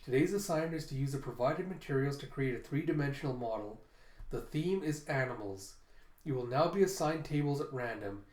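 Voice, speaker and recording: A man voicing a stern older teacher who speaks in formal, measured pronouncements. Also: mid-range voice, lively intonation, a little mellow, lightly acted. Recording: roomy echo.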